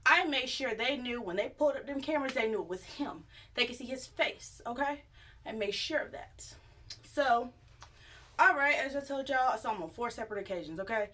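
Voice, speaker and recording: A young woman telling a personal story to her viewers in a chatty, animated, sassy way. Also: on the high side, fairly quick, a little hiss or hum. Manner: chatty, animated, sassy retelling with acted quotes. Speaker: YouTube storyteller. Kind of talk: casual storytime vlog.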